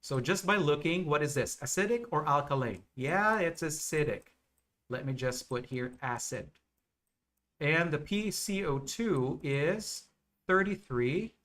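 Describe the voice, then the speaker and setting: A man teaching nursing exam material on a live stream, explaining slowly and checking in with viewers often. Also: a little high, lively intonation, a bit bright. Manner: slow, repetitive explaining with frequent okay and right checks.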